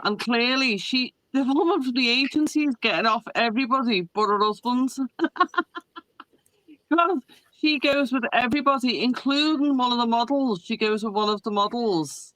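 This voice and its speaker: Podcast co-host, woman, high and bright voice, dry close sound, giggly and animated. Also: normal speed, no echo, low-quality recording. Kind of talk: casual chat. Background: pet dog nearby.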